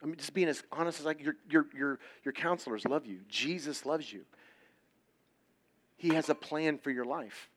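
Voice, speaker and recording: A man preaching a sermon at youth services, telling personal stories bluntly and with jokes, his volume swinging between loud and hushed. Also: mid-range voice, moderate pace. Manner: blunt, joking storytelling.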